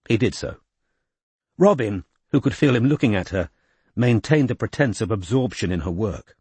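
A man narrating a novel in a measured, expressive way. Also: on the low side, husky, no room sound. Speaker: audiobook narrator. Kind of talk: scripted narration.

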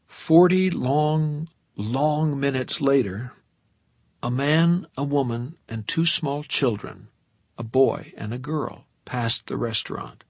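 A man reads a novel aloud in the first person, in a measured, tense way. His mid-pitched voice is gravelly and husky. The sound is dry and close, with no room around it. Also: no room sound. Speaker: audiobook narrator.

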